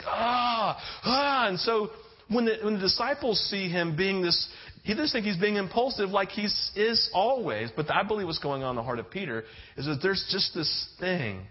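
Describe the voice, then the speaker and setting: Higher-voiced man preaching, dull lo-fi. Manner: conversational storytelling, often asking "right?". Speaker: pastor. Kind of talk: sermon. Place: church sanctuary with congregation. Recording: dull lo-fi sound.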